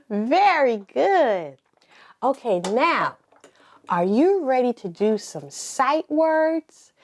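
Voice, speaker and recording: A woman leading a preschool circle time lesson, talking slowly and encouragingly and spelling words out letter by letter. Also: high-pitched, very animated. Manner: slow, sing-song and encouraging, spelling letter by letter. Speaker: preschool teacher.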